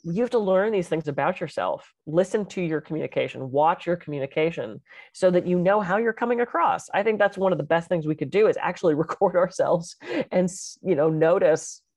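A middle-aged woman co-hosting a podcast, chatting casually as an animated, expressive storyteller. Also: on the low side, a little fast, no room sound, studio quality. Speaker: podcast co-host and public speaker. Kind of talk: casual conversational chat.

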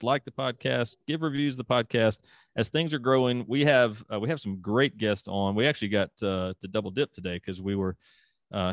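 A man's voice: lowish voice, dry recording. A man from Mississippi, hosting a casual podcast in a laid-back way with frequent laughter. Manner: laid-back, laughs often, many fillers. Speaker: podcast host.

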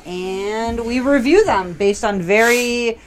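A woman's voice: fairly high pitch, slow pace, slight background noise. A woman co-hosting a casual podcast in a home basement, playful and rambling, laughing easily. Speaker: podcast co-host.

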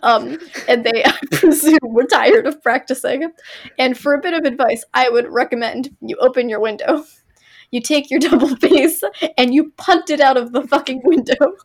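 A woman with a high, light voice co-hosts a casual podcast. She is blunt and teasing, dropping swear words and mock advice. She laughs through her own jokes. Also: moderate pace. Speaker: podcast co-host.

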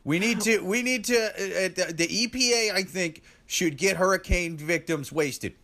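A man's voice: high-pitched, normal speed, sharp tone. A man, a comedian, talking in casual podcast chat, starting hesitantly with stammers and slipping into jokes. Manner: hesitant, stammering, then jokey.

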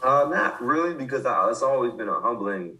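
In a casual conversation as an interview guest, a twenty-something man who coaches football talks briskly with a medium pitch, a sharp tone, and big swings in pitch. Frequent restarts and fillers run through his speech, and the recording is low quality.

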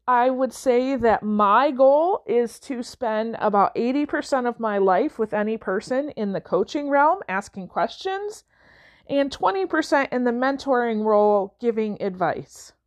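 A woman's voice: a little high, expressive, unhurried. A woman telling a personal story about coaching and mentoring, chatty, with fillers and acted-out quotes. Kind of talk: conversational storytelling talk.

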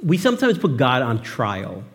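A man's voice: medium pitch, huge pitch swings, moderate pace, big-room sound. A man preaching a sermon in a conversational way, asking rhetorical questions and acting out heartfelt pleas to God. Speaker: pastor.

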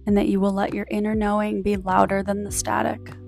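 A woman's voice: medium pitch, monotone, a little fast, gravelly, a little mellow, faint music behind. A woman hosting a spiritual self-help talk, speaking to the listener in a soothing, encouraging way, recorded on a phone. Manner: soothing, encouraging, direct address. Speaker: podcast host.

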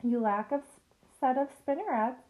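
A wise, calm female spider explains things patiently, in a gently raised voice, as a woman reads her aloud. It is a storybook reading, and her tone is fond and sure of itself. She speaks a little above the reader's plain pitch. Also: normal speed, close to an everyday voice, poor audio.

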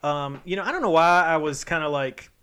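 A man's voice: a little high, a little fast, fairly bright tone, clear, resonant tone. A man in his thirties co-hosting a podcast, telling stories in a rambling way with lots of fillers. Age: 30s. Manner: rambling storytelling with many fillers. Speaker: podcast co-host. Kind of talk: casual chat.

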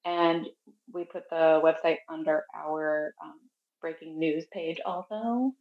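A woman's voice: low voice, fairly even intonation, takes it slowly, highs cut off. A woman co-hosting a podcast in casual chat, rambling with fillers as she shares news. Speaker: podcast co-host.

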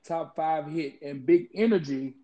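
A man with a raspy, hoarse voice co-hosting a casual music podcast, laid-back. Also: on the high side, unhurried, dark tone. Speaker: podcast co-host.

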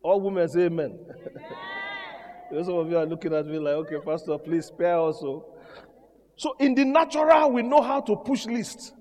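Preacher, male, very high voice, shouted repeated declarations, echoey church hall, congregation audible. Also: expressive, moderate pace, pauses often, a little hiss or hum. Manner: shouted declarations with call-and-response repetition. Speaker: pastor. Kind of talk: sermon. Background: congregation responding.

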